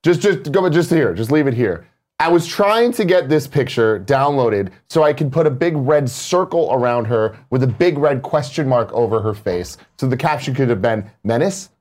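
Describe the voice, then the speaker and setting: Animated man telling a story on a chat show. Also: mid-range voice, moderate pace. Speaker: co-host. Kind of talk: casual chat.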